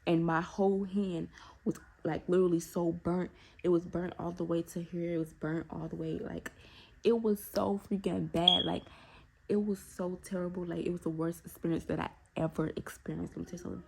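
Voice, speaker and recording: A young woman with a low, gravelly voice tells her viewers a personal story. She talks casually and animatedly, turning to them again and again with asides. A faint noise hums behind her. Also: little pitch movement, normal speed. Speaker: storytime vlogger.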